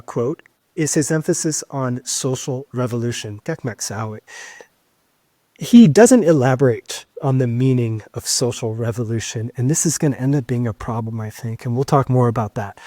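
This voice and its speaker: Man teaching history on a podcast, warm mellow tone, dead dry sound, emphatic lecturing. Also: medium pitch, dry recording. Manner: lecturing, emphatic, with frequent "keep in mind" asides. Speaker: podcast co-host. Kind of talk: explanatory history podcast talk.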